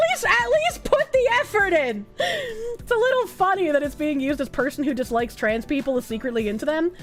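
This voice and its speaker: A young woman streaming to her chat, reading messages aloud in lowered mock voices and giving candid, sarcastic commentary between bursts of laughter. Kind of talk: live-stream reaction chat.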